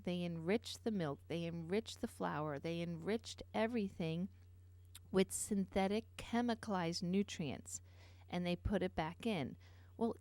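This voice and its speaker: A woman's voice: medium pitch, a little mellow, no echo. A middle-aged woman hosting a nutrition talk show, telling a personal story in an earnest way with many fillers and asides.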